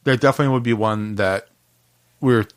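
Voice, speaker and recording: A man co-hosting a podcast, chatting casually about music, unhurried and hesitant, often laughing. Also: on the low side. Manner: unhurried, giggly, hesitant with fillers. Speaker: podcast co-host.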